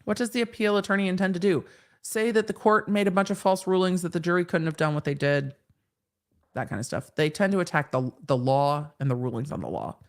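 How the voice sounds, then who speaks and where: A woman with a slightly low voice hosts a casual live stream. She reads viewers' comments aloud and answers each one in a chatty, frank way. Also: fairly quick. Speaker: host answering live chat questions.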